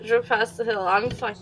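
Giggly Southern woman, high unhurried voice. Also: a bit bright, slight background noise, rough recording. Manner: giggly, playful. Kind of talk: casual gaming chat.

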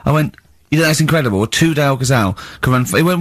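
A man's voice: a little high, animated, fast talker, dry recording, studio quality. A man from England hosting a radio show, telling stories with a mocking, laughing manner. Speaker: radio host. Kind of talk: casual radio banter. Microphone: studio microphone.

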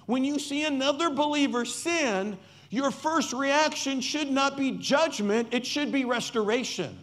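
A man's voice: very high voice, fairly bright tone. A man preaching a sermon as pastor, emphatic and repeating key words for stress, with playful asides.

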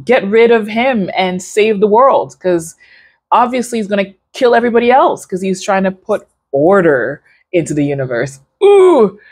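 A young woman hosting a reaction video, chatting casually and emotionally to her viewers with many fillers and pauses. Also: medium pitch, expressive, breathy edge.

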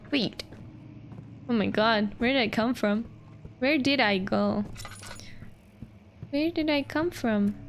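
A woman's voice: on the high side, a little hiss or hum. A young woman streaming a game, chatting with viewers in a playful, sweary, giggly way. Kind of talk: casual gameplay commentary.

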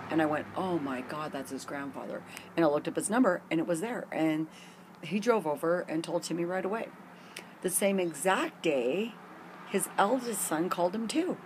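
Recorded outdoors in a garden with a noisy background, a middle-aged woman vlogger speaks in a low voice. She tells a long personal story to camera, rambling and candid, with plenty of fillers.

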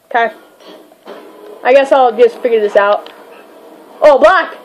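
A woman giving goofy, excitable commentary while playing a fighting game, yelping and crying out during the fights. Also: high voice, normal speed, long pauses, muffled recording, a little hiss or hum. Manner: goofy, self-mocking. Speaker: gamer. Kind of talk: let's play commentary.

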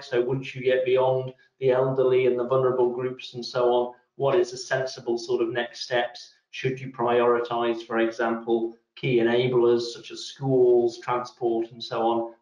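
A man giving a sober, measured update on a business webinar over a video call, with uhs and restarts. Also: mid-range voice, a little mellow. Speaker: business lobby guest speaker. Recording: dull, echoey room sound on a video call.

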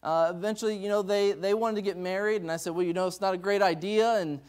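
A man's voice: high voice, fast, clean tone. A man, a missionary pastor, telling stories in a conference sermon, acting out the dialogue with many restarts. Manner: animated storytelling, acts out dialogue, many restarts. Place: church sanctuary.

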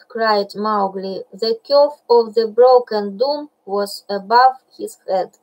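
A woman reading a classic storybook aloud, slowly and carefully, with small slips. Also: medium pitch, darkish tone, low-quality recording. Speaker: reader.

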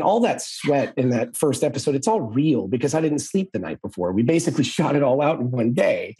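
A male actor, a podcast guest, tells an animated, self-deprecating story and acts out other people's lines. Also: mid-range voice, husky.

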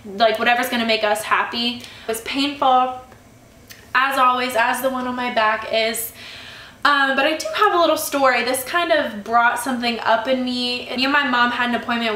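A woman's voice: fairly high pitch, sharp tone. A young woman vlogger telling a story in a casual, chatty way that turns into an annoyed rant. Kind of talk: casual chat vlog. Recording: echoey room.

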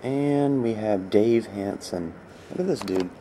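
Low-voiced man calling out trading cards. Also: measured pace, slight background noise. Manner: excitable, rambling, laughs often. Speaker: card break host. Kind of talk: casual card-opening commentary.

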